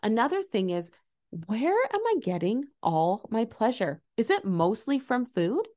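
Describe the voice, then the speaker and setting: A middle-aged woman hosting a podcast as an eating coach, talking in a gentle, encouraging and animated way. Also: on the high side, unhurried. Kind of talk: casual solo podcast talk.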